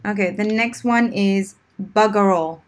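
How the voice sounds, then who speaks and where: A woman's voice: mid-range voice, slow pace. A woman with a British accent, an English teacher quizzing a colleague on slang and spelling words out. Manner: patient, spells words letter by letter. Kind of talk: live-stream lesson chat.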